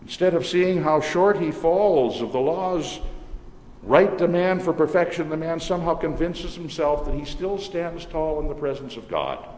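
A man's voice: a little high, expressive, normal speed, darkish tone. A male pastor preaching a sermon, telling the story dramatically with shifting emphasis. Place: church sanctuary. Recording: echoey church hall, faint noise.

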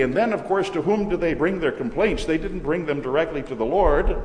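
A pastor delivering a sermon in a measured, earnest way, slowing down to stress key words. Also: male voice, fairly high pitch, darkish tone. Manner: measured, earnest preaching with slowed emphasis. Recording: echoey church hall with long reverb.

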